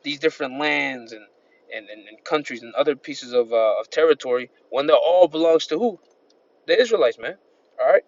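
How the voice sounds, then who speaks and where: A man's voice: a little high, a little fast, highs cut off. A man preaching an informal sermon, reading scripture and rambling with constant "man" and "all right" fillers. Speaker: street-style preacher.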